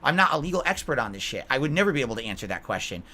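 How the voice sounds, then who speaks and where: Emotional rambling guy defending himself, bright animated voice. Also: mid-range voice, rapid-fire. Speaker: content creator being interviewed. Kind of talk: defensive interview talk.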